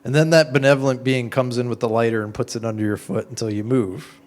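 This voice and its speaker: Man, middle pitch, casual talk, audience Q&A, storytelling, conversational, filler "like"s. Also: fast. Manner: conversational, animated storytelling with many "like"s. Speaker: speaker answering audience questions. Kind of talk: informal talk and Q&A.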